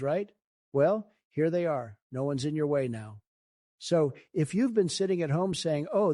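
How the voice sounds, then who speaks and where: Sarcastic man with a mellow voice. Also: fairly high pitch, no room sound, studio quality. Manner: mocking, sarcastic. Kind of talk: sarcastic address to camera.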